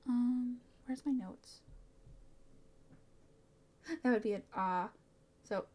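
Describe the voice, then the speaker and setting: A woman's voice: a little high, slow pace, darkish tone. A woman streamer chatting casually with her live chat, bubbly, often gasping and giggling and tripping over her words.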